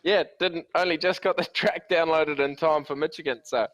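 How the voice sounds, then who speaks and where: A man's voice: on the high side, steady tone, normal speed, fairly bright tone, rough recording. A man with a New Zealand accent joining by remote call, laid-back and modest, laughing as he talks. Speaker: guest driver. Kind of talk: casual interview.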